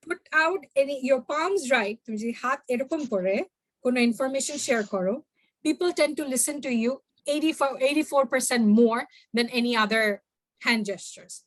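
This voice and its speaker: Fast-talking woman workshop speaker. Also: sits high, no room sound. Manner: animated, addresses the audience directly. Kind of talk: workshop talk mixing two languages.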